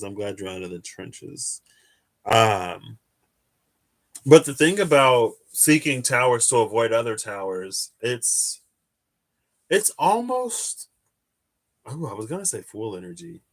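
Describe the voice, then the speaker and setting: Male tarot streamer, unhurried and meandering, mid-pitched voice; casual chat with viewers. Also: sing-song. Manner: rambling, reflective, answers viewer questions. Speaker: tarot reader hosting a live stream.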